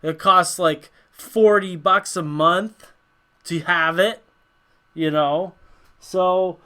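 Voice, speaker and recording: A man's voice: high-pitched, steady tone, extremely slow, pushed and bright, smooth. A man from North America hosting a casual livestream Q&A, rambling with lots of fillers and frequent chuckles. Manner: rambling, laughs often, many fillers. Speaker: livestream host.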